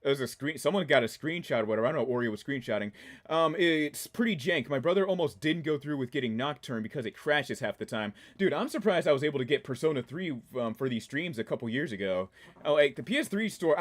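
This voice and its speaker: A man's voice: mid-range voice, animated, fast talker. A man in his twenties from the Washington DC area, with a mixed DC-area and New York accent, rambling and laughing as he reads chat during a casual game stream. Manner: rambling, chatty, laughs often. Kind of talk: casual gameplay livestream chat.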